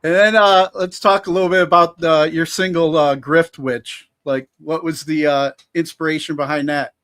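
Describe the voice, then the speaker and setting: Slightly high-voiced male podcast host. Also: normal speed, clear, resonant tone. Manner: relaxed, brief prompts, laughs along. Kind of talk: casual interview.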